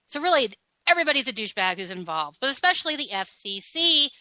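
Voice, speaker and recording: A woman's voice: sits high, very animated, fast talker, sharp tone, no room sound, low-quality recording. A middle-aged woman hosting a podcast, giving sarcastic, mocking countdown commentary. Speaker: podcast host.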